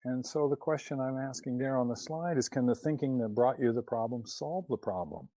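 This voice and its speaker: A man's voice: medium pitch, a little fast, mellow, dry recording. A man presenting a talk over his slides, hesitant with many fillers and restarts, questioning and critical of what he quotes.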